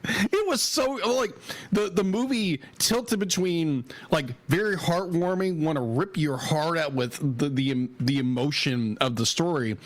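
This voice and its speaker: A man's voice: a little high, unhurried. A man co-hosting a podcast, recounting a movie in a rambling, enthusiastic way with frequent restarts. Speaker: podcast co-host. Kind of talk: casual chat.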